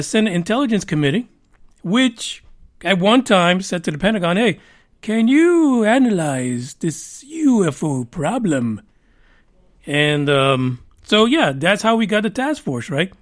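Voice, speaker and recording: A man's voice: high voice, fairly bright tone. A man hosting a podcast, giving rambling, profane and sarcastic commentary on the news. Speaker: podcast host. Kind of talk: casual news commentary rant.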